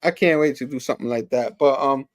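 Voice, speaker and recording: A man co-hosting a casual podcast chat, laid-back and jokey, his voice going hoarse. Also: medium pitch, fast. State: losing his voice. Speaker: co-host.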